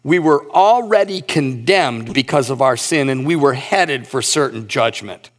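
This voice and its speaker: A pastor preaching a sermon with earnest emphasis, reading scripture slowly and rising in pitch on key points. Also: male voice, lively intonation.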